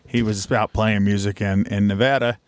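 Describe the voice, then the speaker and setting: A man's voice: fairly low pitch, level tone, normal speed, clean tone, no echo. A man, co-hosting a podcast and telling a rambling road story in a folksy, casual way. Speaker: podcast co-host.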